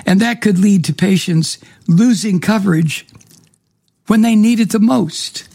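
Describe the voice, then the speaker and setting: A hoarse man with a raspy voice, hosting a talk show and delivering an indignant political commentary monologue. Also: high-pitched, dark tone, no room sound. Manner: indignant, slow and emphatic. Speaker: radio talk show host.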